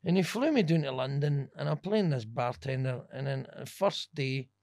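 A man's voice: mid-range voice, normal speed, no echo, clean studio sound. A Scottish man, a stand-up comedian, telling swear-laden stories in a casual podcast chat. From Scotland. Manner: animated, swearing, laughing storyteller.

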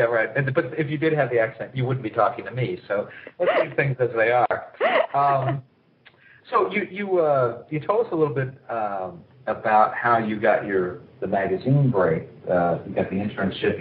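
A man's voice: mid-range voice, animated, normal speed. A man hosting an interview, asking questions in a joking, hesitant way with many fillers. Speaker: interview host. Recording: tinny phone line in an echoey room with faint noise.

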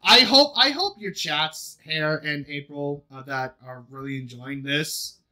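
A man's voice: on the high side, unhurried, bright, forceful tone. A man hosting a casual group chat show, laughing and teasing the others as he talks. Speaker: podcast host.

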